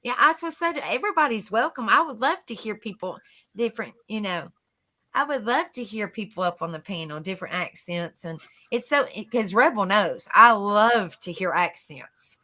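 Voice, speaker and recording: A woman's voice: mid-range voice, animated, moderate pace, bright, forceful tone. A woman hosting a live stream, chatting casually with her panel, repeating herself and laughing easily.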